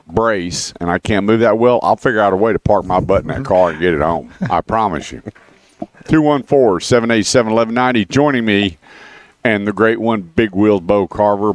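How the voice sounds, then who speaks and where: Here a radio host with a voice that sits low chats casually in the studio, spinning stories between plugs for a car dealer. He's a chatty storyteller who keeps repeating the phone number, and there's no room sound.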